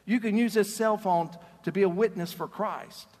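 A pastor with a high-pitched, slightly mellow voice preaches a conversational sermon at normal speed. He's earnest and tells stories, often repeating words as he begins a sentence, and the recording carries the long reverb of a large hall.

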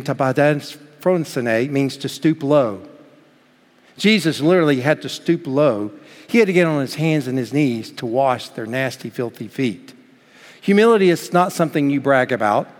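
A male pastor preaching a sermon, earnestly explaining scripture. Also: medium pitch. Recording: long hall reverb.

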